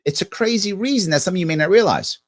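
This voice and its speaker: A man's voice: high voice, lively intonation, quick pace. A man, hosting a live ask-me-anything stream and telling stories with mocking voices and sarcastic asides. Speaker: livestream host answering viewer questions.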